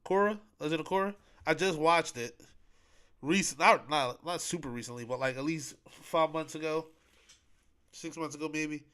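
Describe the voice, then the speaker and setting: A man with a slightly higher-than-usual voice hosts a podcast on his own. He chats casually and rambles, repeating himself and leaning on slang and fillers. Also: moderate pace, pushed and bright, clean tone. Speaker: podcast host. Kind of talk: casual solo podcast chat.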